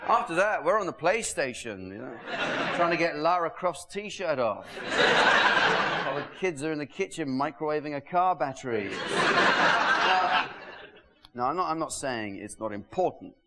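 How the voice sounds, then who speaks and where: A stand-up comedian and show host performs a dry, sardonic, deadpan monologue to an audience, whose laughter is heard in the background. His voice is on the high side, a little slow, with frequent pauses. The audio is a hissy VHS tape rip.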